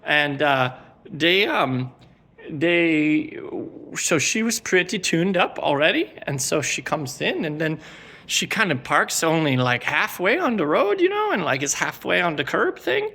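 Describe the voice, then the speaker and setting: Midwestern man, middle-aged, gravelly voice, very lively pitch, rambling comic monologue. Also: a little slow. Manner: rambling, filler-heavy, laid-back storytelling. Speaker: comedic character host.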